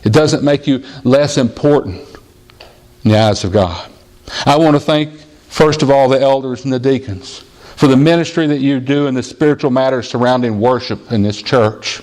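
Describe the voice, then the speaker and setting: A male pastor preaching a sermon in plain, earnest words, telling stories and sometimes quoting a small child in a high voice. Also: moderate pace, darkish tone. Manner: jumps to a high child's voice when quoting a boy. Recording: audio-only church sermon recording.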